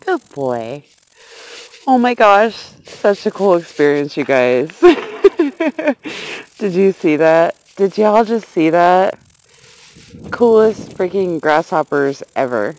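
A woman's voice: on the low side, very animated, slow, long pauses, a little mellow, low-quality recording. A woman vlogging outdoors at night on her phone, gushing and giggling as she coaxes a grasshopper onto her hand. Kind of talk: excited casual vlog. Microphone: handheld phone camera.

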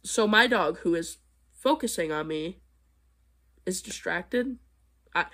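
Young woman on her vlog, blunt and sarcastic, mid-pitch voice, chuckles between points. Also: normal speed, a bit bright. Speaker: vlogger reacting to comments. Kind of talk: casual vlog commentary.

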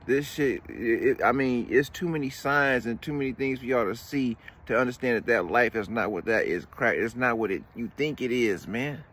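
A man's voice: medium pitch, normal speed, few pauses, fairly bright tone. A man ranting casually as a commentary vlogger, heated and profane, tagging lines with "man". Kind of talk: casual rant.

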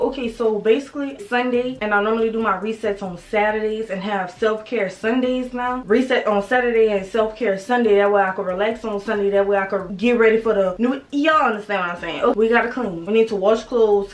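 A woman with a slightly raspy voice, chatting casually to her viewers in a home vlog. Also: a little high. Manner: talkative, addresses viewers as girl and y'all. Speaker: vlogger. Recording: echoey room, voice from a distance.

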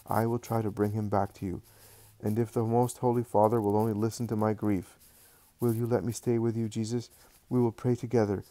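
A man voicing Mary, a loving and sorrowful mother, in a devotional audiobook, speaking softly and tenderly. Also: fairly low pitch, no room sound, natural voice.

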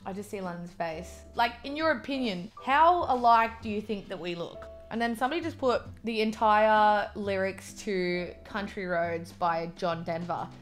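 A young woman with an Australian accent talks through a meal in loose, chatty vlog style, dropping "like" into nearly every sentence. She sits at a middling pitch and moves between easy chatter and a worked-up rant. Faint music plays low behind her. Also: normal speed, few pauses. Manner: chatty, peppered with "like", gets heated and ranty. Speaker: mukbang vlogger. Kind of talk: casual chat while eating.

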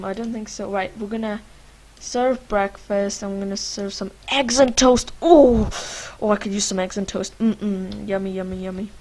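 A woman's voice: fairly high pitch, darkish tone, low-quality recording. Young woman, gaming commentary, chatty, rambling, talks to her characters, many fillers. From Lithuania. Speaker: gaming vlogger. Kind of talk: casual let's-play commentary.

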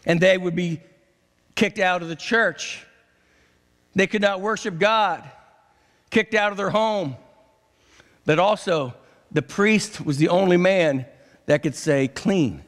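A man delivers a sermon from the pulpit, his voice pitched high. He preaches dramatically, dropping low and then rising to ringing cries. Long reverb from the church sanctuary hangs after each phrase. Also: slow pace, pauses often, fairly bright tone. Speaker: pastor.

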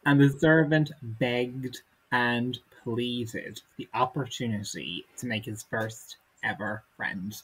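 Slow, husky-voiced man reading dryly. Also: mid-range voice, steady tone, fairly bright tone, rough recording. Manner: dry, wry asides. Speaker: podcast co-host. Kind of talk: comic reading aloud.

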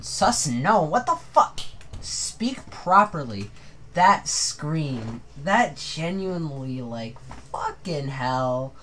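Excitable, swearing woman gaming. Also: sits low, takes it slowly, slight background noise. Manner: profane, excitable, screaming outbursts. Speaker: gamer. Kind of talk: let's play commentary. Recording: game music behind.

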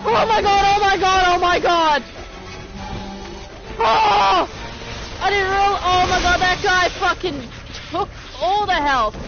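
Excitable, foul-mouthed woman gaming streamer, unhurried and high-pitched. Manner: excitable, swears often, self-mocking. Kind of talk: let's play reactions. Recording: slightly dull stream audio with game music. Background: game music.

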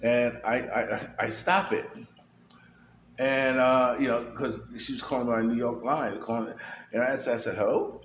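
A middle-aged man tells a personal story in a loose, rambling way, restarting phrases and leaning on fillers. His voice sits at an ordinary pitch in an echoey room with a faint hiss. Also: fairly even intonation, moderate pace, a bit bright. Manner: rambling, repeats words, many fillers. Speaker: vlogger. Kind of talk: casual personal vlog.

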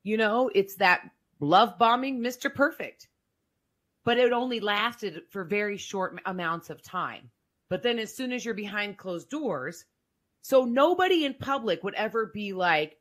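A woman's voice: mid-range voice, animated, measured pace, a bit bright. A woman guest on a podcast, telling her personal story in a candid, emphatic, casual way, with frequent "like" fillers.

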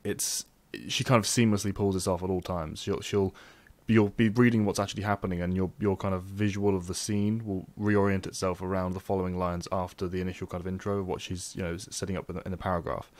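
Fast-talking low-voiced man, rambling. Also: level tone. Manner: rambling, many restarts and fillers. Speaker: podcast co-host. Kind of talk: casual book discussion.

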